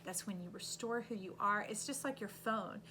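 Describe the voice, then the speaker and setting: A woman reading tarot cards aloud in an animated, coaching way, with sudden loud bursts. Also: medium pitch, normal speed, background noise. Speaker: intuitive tarot reader.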